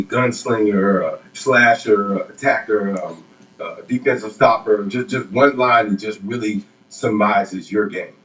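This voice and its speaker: A man's voice: on the low side, poor audio. A man interviewing an athlete on camera, coaching and encouraging him.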